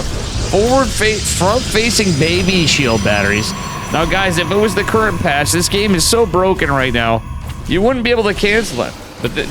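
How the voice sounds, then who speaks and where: A man streaming live game commentary, talking in a loose, profane, hyped-up way to his chat between plays. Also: medium pitch. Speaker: esports caster.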